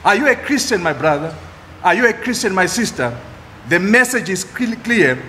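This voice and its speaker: A man preaching a sermon as pastor, emphatic, repeating key phrases with dramatic pauses. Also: high-pitched, sharp tone, slight background noise. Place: church. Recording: echoey church hall.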